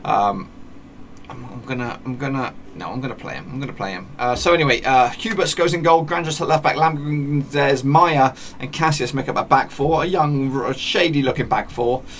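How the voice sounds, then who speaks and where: A man's voice: mid-range voice, normal speed, a little hiss or hum. A man chatting casually as he plays a football management game, narrating the matches like a commentator and often correcting himself as he talks. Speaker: gaming YouTuber.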